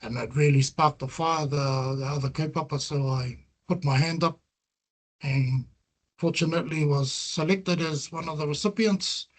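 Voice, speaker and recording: A middle-aged man with a New Zealand accent talks through slides on his research at a moderate pace, his voice on the high side. His tone is earnest and reflective, and he works Māori terms into his English.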